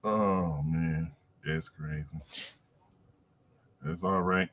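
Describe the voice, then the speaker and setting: A man's voice: a bass voice, steady tone, very slow, a bit bright. A man chiming in on a casual live-stream chat, laid-back and teasing.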